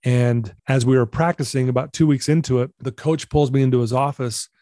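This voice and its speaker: Earnest man telling his story, mellow voice. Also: medium pitch, fairly even intonation, a little fast, no room sound, studio quality. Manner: earnest, candid, repeats himself for emphasis. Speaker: guest. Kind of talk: personal storytelling in conversation.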